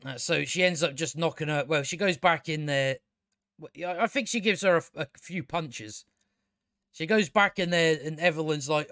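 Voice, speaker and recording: A man's voice: fairly high pitch, lively intonation, moderate pace, a bit bright, dry recording, clean studio sound. A man giving a casual, sarcastic and exasperated spoken review of a TV show, swearing often.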